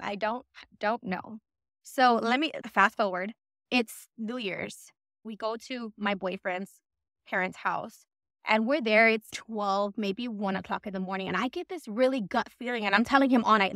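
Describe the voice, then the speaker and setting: A woman's voice: a little high, moderate pace, a bit bright, no room sound, studio quality. A woman telling her own ghost story in a chatty, casual way, acting out what people said. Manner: chatty, lots of "I'm like" quoting.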